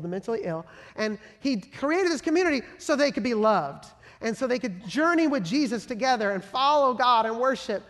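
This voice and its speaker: A pastor preaching a sermon with passion, swinging from loud emphatic bursts to soft hushed lines. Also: medium pitch. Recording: long hall reverb.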